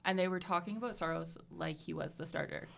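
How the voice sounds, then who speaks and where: A woman's voice: fairly low pitch, fast talker, vocal fry, fairly bright tone. Chatty young woman co-hosting a podcast. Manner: chatty, self-mocking. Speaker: podcast co-host. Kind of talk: casual sports podcast chat.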